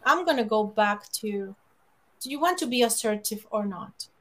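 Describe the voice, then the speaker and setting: A woman giving public speaking advice in an emphatic, animated way, often laughing and acting out quoted lines. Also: fairly high pitch, moderate pace. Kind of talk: lively conversational advice.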